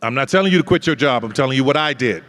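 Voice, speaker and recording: A man telling his life story as a guest in an interview, animated, acting out other people's lines and laughing often. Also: medium pitch, racing, long reverb tail.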